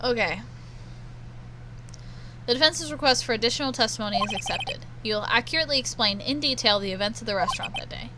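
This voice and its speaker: A woman's voice: fairly high pitch, quick pace, background noise, lightly acted. A woman reading a stern courtroom judge. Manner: formal, ruling. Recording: loud game music underneath.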